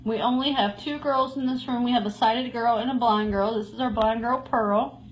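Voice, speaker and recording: A woman's voice: on the high side, fairly even intonation, moderate pace, dull audio, a little hiss or hum. A woman giving a live tour of a cat shelter, cooing and baby-talking to the cats as she goes. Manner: coos and baby-talks to cats.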